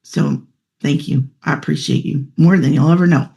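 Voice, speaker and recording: A middle-aged single mother shares her personal testimonial as a guest, heartfelt and chatty, sometimes holding back tears. Her low, mellow voice is creaky and steady in tone, at a normal speed.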